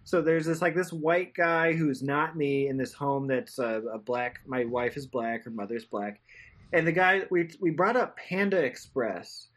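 A man hosting a casual comedy podcast, telling animated stories and swearing freely. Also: on the high side, unhurried. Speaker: podcast host.

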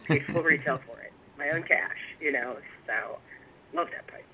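A woman guest telling stories in a casual interview, animated and laughing often. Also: very deep voice, moderate pace, slight background noise. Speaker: guest, pipe maker. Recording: tinny phone line.

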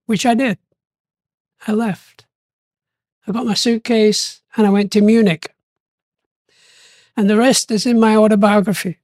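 Brief: older male guest, lively storyteller who acts out quoted voices, recorded dry and close. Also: sits high, a little slow, pauses often, dry recording. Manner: animated, acts out quoted voices, laughs often. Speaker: interview guest. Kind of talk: storytelling interview.

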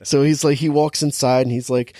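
A man's voice: medium pitch, fairly quick, dry recording, studio quality. Laughing man recapping a movie. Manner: animated storyteller, laughs often, acts out quotes. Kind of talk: casual movie recap chat.

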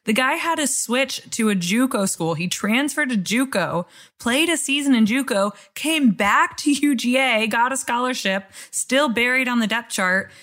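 A woman's voice: on the high side, animated, moderate pace, a bit bright. A woman co-hosting a casual chat, teasing and laughing often. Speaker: co-host.

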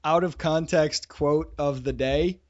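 A man's voice: on the high side, steady tone, takes it slowly, darkish tone. A man hosting a podcast, joking and teasing his co-host in casual banter. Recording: dull lo-fi audio from off the mic.

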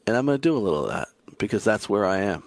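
A man talking through his daily fantasy basketball picks in an excitable, emphatic way. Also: racing, no echo. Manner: excitable, emphatic, frequent pitch jumps. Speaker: fantasy sports analyst.

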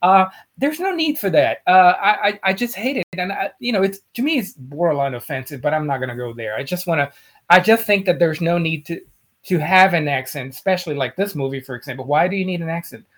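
A man's voice: fairly high pitch, lively intonation, fairly quick, a bit bright. A man co-hosting a casual film chat, speaking emphatically and often repeating words while he searches for them. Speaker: podcast co-host.

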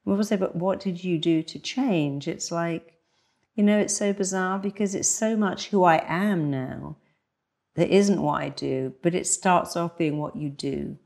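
A woman's voice: lowish voice, fairly even intonation, moderate pace, creaky, darkish tone. A woman therapist speaking as an interview guest, emphatic and acting out the voices she quotes. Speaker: hypnotherapist guest. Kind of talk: conversational interview.

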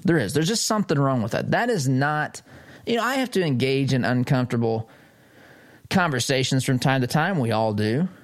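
Sarcastic, animated male commentator. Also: normal speed. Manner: sarcastic, animated, pitch jumps up for emphasis. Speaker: host of a political commentary show. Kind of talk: opinion commentary, reading and reacting to an article.

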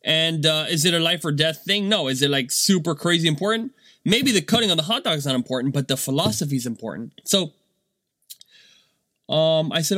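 A man's voice: a little high, lively intonation, a little fast, bright, forceful tone, dry recording, clean studio sound. A man in his thirties, a business owner and dad, talking casually and full of fillers and rhetorical "right?" checks. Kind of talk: casual monologue.

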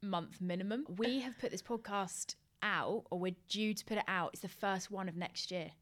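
A woman's voice: medium pitch, normal speed, fairly bright tone. Chatty woman hosting a podcast. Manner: chatty, laughs easily. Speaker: podcast host. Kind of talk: casual podcast chat.

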